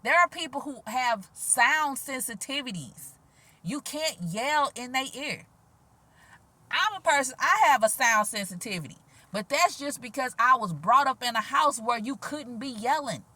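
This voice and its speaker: Bright, sassy soft-spoken woman. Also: high voice, normal speed. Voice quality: quiet, gentle voice. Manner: animated, sassy, laughs often, soft-spoken. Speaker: vlogger. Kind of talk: casual spiritual vlog monologue. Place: outdoors.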